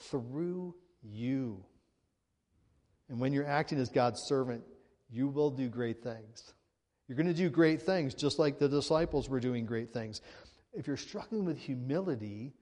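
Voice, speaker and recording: A man preaching in a relaxed, conversational way, often checking in with the congregation and lifting his voice to stress a point. His mid-range voice carries a long reverb tail from a large hall. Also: mid-range voice. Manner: conversational preaching with frequent tag questions and rising emphasis. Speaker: pastor. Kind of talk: sermon.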